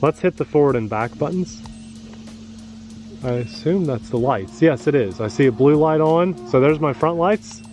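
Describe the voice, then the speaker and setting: A man's voice: fairly high pitch, expressive, normal speed, darkish tone, soft background music. Easygoing man hosting an outdoor hobby review. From rural United States. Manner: easygoing, chatty, jokey. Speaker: RC hobby channel host. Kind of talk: casual outdoor review chat. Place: outdoors by a pond, windy.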